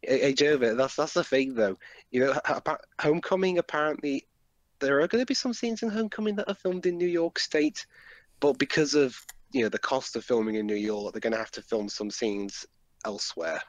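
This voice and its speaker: A man's voice: medium pitch, brisk, dry recording. A man giving casual, joking movie commentary with friends. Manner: joking, animated asides.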